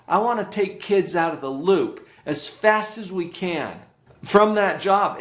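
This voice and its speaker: Emphatic male workshop presenter, echoey room. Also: on the high side. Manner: emphatic, checks in with listeners. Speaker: workshop presenter, child psychologist. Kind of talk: parenting workshop lecture.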